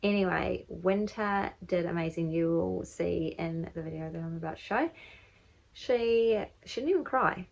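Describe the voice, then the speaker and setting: A woman's voice: on the low side, normal speed, vocal fry, low-quality recording. A woman with a New Zealand accent, a mother telling a casual, rambling story for her vlog at home. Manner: chatty, rambling, many fillers like "like" and "um". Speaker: vlogger and mother. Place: home, indoors.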